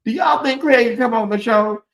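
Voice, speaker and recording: A man with a notably high voice hosts a livestream, talking straight to his chat. He chats in an animated way and breaks into laughter often. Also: moderate pace, vocal fry. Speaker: host.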